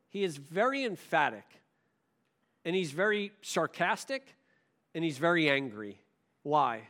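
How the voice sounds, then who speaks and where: Male pastor, sermon delivery, bright and lively, emphatic rhetorical style. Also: a little high. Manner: emphatic preaching, rhetorical questions.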